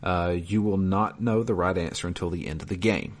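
Casting: deep-voiced male podcast host, reads listener mail with dry asides, faint hum under it. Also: brisk. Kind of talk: casual podcast chat.

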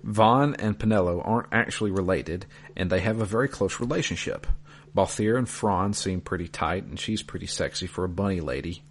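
A man's voice: low-pitched, a little fast, a little hiss or hum. A man hosting a casual podcast, reading listener emails aloud with dry asides.

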